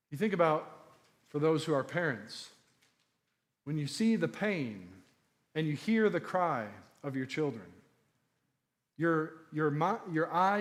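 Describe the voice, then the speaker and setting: A man delivers a Bible study sermon, earnest and emphatic, repeating key phrases to drive them home. His voice sits a little on the higher side for a man. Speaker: preacher.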